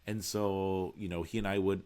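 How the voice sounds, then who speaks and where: A man's voice: low-pitched, moderate pace, clear, resonant tone. A man from Puerto Rico, a podcast co-host and friar, telling stories in a casual chat, laughing often and acting out the dialogue. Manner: animated storyteller, laughs often, acts out dialogue.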